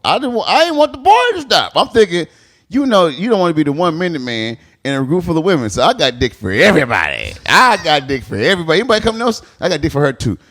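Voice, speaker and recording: Animated man telling crude stories. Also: a little high, fast. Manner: animated, acts out quoted lines, laughs often. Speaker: podcast guest, stand-up comedian. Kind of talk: crude comedic storytelling.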